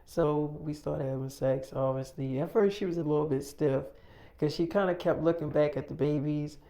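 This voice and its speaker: Low-voiced woman telling a rambling story. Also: normal speed. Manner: rambling, slangy, relaxed. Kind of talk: casual improvised storytelling.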